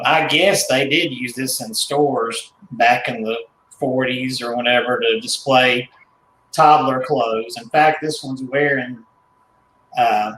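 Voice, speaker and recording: A man being interviewed as a guest, speaking in a mid-pitched voice and stopping often to correct himself. His voice rings around an echoey room. A faint hum sits underneath. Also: a bit bright. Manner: hesitant, many fillers and self-corrections. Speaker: guest, doll collector. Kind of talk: casual interview.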